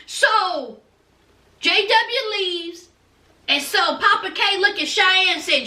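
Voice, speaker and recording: Sassy high-voiced woman recapping TV. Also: animated, slow, sharp tone, recorded from a distance. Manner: chatty, sassy, calls viewers child and honey. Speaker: TV recap vlogger. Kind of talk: animated casual recap. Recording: roomy echo, from off mic.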